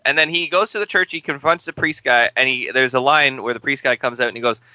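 A man's voice: mid-range voice, fast talker, sharp tone, highs cut off. A man from Canada co-hosting a casual podcast, joking crudely about a movie. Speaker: podcast co-host. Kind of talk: casual movie review chat.

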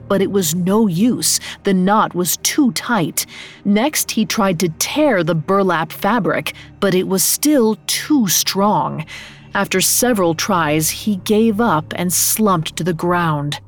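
A woman narrating a scripted fairy tale as a storyteller, expressive, rising on dramatic beats. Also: mid-range voice, takes it slowly.

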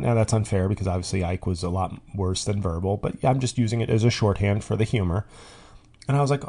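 A man's voice: fairly low pitch, fast talker, warm tone. A man hosting a podcast, telling a rambling comic monologue full of tangents, fillers and restarts. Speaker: podcast host. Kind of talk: comedic monologue.

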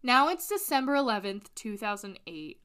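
Bright-voiced woman podcaster, animated and sweary. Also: a little high, moderate pace, smooth. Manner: swearing, animated, laughs often. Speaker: podcast co-host. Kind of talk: casual true crime podcast chat.

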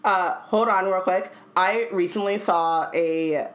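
Reading aloud from books and then joking loosely about what she's read, this podcast co-host speaks slowly in a lowish voice. The show is casual, and the room sounds echoey.

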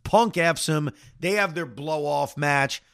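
A man's voice: on the high side, takes it slowly, vocal fry, fairly bright tone, clean tone, no room sound, clean studio sound. A man hosting a solo podcast, giving chatty, opinionated commentary. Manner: opinionated, chatty, quotes others animatedly. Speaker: podcast host.

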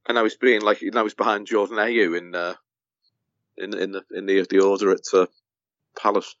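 A man's voice: fairly low pitch, level tone, moderate pace, long pauses, a bit bright, no room sound. Hesitant man on a dry, muffled mic. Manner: hesitant, many fillers and restarts. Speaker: podcast guest. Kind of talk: casual football chat.

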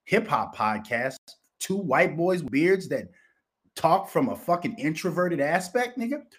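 A man's voice: fairly high pitch, big pitch swings, a little slow, breathy edge. A man hosting a livestream, ranting in a brash, boastful and mocking way, full of swearing. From Minnesota. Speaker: livestream host. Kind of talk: profane livestream rant.

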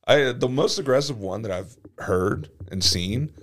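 A man's voice: medium pitch, animated, unhurried. A young man with a mid-range voice co-hosts a podcast in casual banter. He jokes bluntly and crudely, full of swearing. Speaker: podcast co-host. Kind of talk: casual chat.

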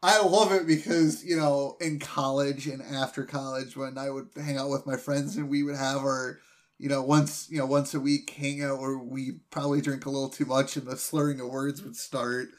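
A man's voice: medium pitch, level tone, moderate pace. A man co-hosting a podcast in casual chat, rambling through recaps and laughing often. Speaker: podcast co-host.

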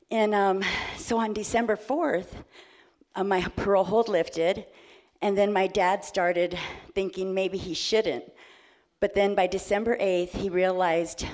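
Animated woman telling a personal story. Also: on the low side, normal speed. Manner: animated, laughing, acts out dialogue. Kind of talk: personal story told to an audience.

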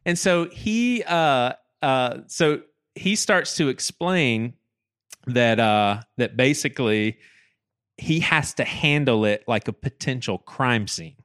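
A man of middle pitch tells a personal story on a casual podcast. He is animated, repeats and restarts his words, and acts out what people said. His voice is recorded close and dry, with no room sound. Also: takes it slowly, clean tone, no room sound.

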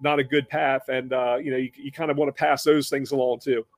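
A man hosting a podcast, telling a story casually with many restarts and animated impressions of the people in it. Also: medium pitch, a little fast, dry recording. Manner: animated, acts out other people in raised voices; conversational with frequent restarts. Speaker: podcast host.

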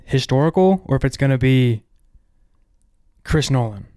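A man co-hosting a podcast, talking in a laid-back, soft-spoken way while his voice sounds weak and strained. The tone is still smooth and clear, recorded dry and close. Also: medium pitch, animated, moderate pace, no echo. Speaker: podcast co-host. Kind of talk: casual chat.

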